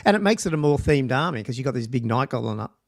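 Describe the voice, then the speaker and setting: A man's voice: mid-range voice, animated, fast talker, dry recording, clean studio sound. A man hosting a livestream podcast, reading out rules and thinking aloud in a loose, casual way with ums and restarts. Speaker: podcast host.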